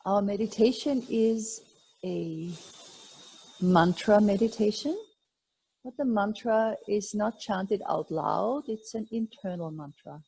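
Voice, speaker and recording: Slow, mellow woman guiding yoga. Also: mid-range voice, gravelly, slightly rough, rough recording. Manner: slow, calm, soothing guidance. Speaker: yoga teacher. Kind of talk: guided yoga instruction.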